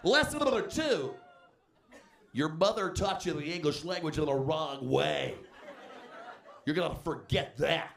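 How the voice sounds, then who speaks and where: A barking male drill sergeant for would-be sportscasters, put on by a male comedian, loud and high-pitched. His orders ring out with a lively rise and fall. The club room around him is roomy. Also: unhurried, creaky, pauses often, exaggerated voice. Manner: barking, shouty.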